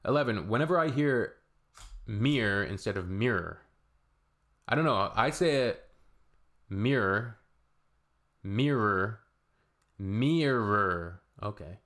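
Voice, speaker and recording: A man from Canada giving casual reaction commentary, rambling with halting restarts and blunt asides. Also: fairly low pitch, lively intonation, a bit bright. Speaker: reaction video creator.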